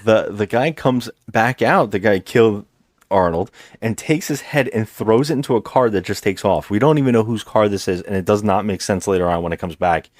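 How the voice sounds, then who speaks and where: A man co-hosting a podcast, casually recapping a movie plot and quoting characters in raised, animated voices. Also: lowish voice, brisk, no room sound, clean studio sound. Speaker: podcast co-host.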